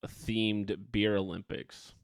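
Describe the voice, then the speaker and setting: A man's voice: fairly low pitch, fairly even intonation, slow, vocal fry, clean tone, no echo. A man co-hosting a podcast in casual comedic chat, making wry, dry jokes. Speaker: podcast co-host and presenter.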